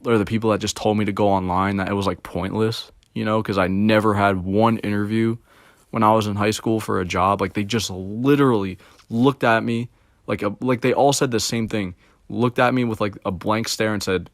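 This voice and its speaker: A young man in his twenties with a fairly low voice, telling a casual story and leaning on filler words and swearing. The sound is dry and close, with no room echo. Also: steady tone, moderate pace. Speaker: streamer.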